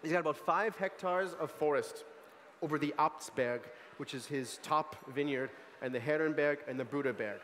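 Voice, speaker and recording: An American man, a young adult sommelier, giving an animated, chatty wine tasting talk full of asides and fillers at a food market event. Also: fairly high pitch, normal speed, in a large hall, a little hiss or hum. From United States. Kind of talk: lively tasting presentation.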